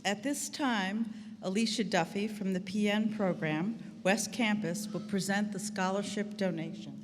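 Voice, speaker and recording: A woman acting as master of ceremonies, reading scripted remarks in a measured, formal way. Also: mid-range voice. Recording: long hall reverb, faint background noise.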